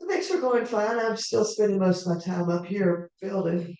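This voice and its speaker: Mellow-voiced woman telling a story in a roomy hall. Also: medium pitch. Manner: unhurried, conversational, with asides to the audience. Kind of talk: live first-person storytelling in character. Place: live performance venue. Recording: echoey hall, mic far off.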